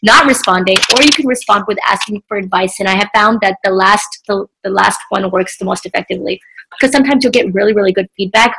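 A young adult woman talking as a guest in a casual podcast interview, chatty and animated, with many filler likes. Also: mid-range voice, quick pace, creaky, husky, poor audio. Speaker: podcast guest, social media entrepreneur.

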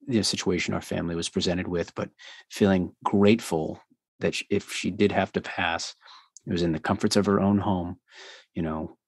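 A man's voice: low-pitched, slightly rough, dry recording. A man hosting a podcast, talking earnestly and easily in casual conversation. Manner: earnest, easygoing, says "you know" a lot. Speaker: podcast host.

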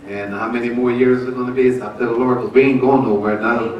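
A man's voice: mid-range voice, steady tone, fast talker, dull audio, a crowd in the background. A man in his seventies, a pastor telling a folksy, laughing story about his marriage during a church service. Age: 70s. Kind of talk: church testimony and announcements. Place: church sanctuary. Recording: echoey church room from far off.

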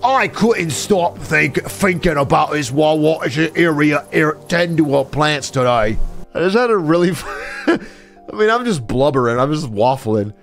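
Excitable, sarcastic male game streamer. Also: on the high side, measured pace, vocal fry. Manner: excitable, sarcastic, swearing, laughing often. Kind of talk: live gameplay commentary. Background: game music.

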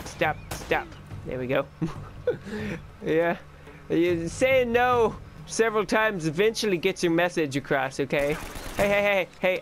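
Hosting a gaming channel, a man delivers casual let's-play commentary, excitable and chatty, talking back to the game while he plays. His voice is on the high side.

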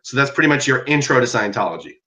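Bright-toned male interviewer. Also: medium pitch, animated, quick pace, recorded from a distance. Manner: conversational, asks follow-up questions. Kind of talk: casual interview.

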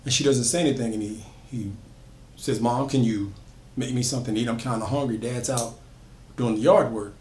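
A man's voice: medium pitch, fairly quick, a little mellow, a little hiss or hum. A man retelling a horror story in a loose, conversational way, with frequent fillers and restarts. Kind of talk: casual spoken horror storytelling. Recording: echoey room.

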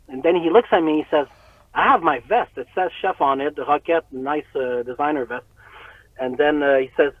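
A man guest telling a story in a casual interview, excitable, swearing and acting out quotes. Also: on the high side, brisk, no echo. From Canada. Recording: tinny phone-like line.

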